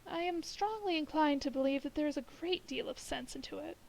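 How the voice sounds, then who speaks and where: A woman reading the lines of an earnest gentleman who calmly presses a strange theory. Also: high-pitched, creaky, slight background noise, low-quality recording. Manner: measured, insistent. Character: earnest middle-aged gentleman building a theory.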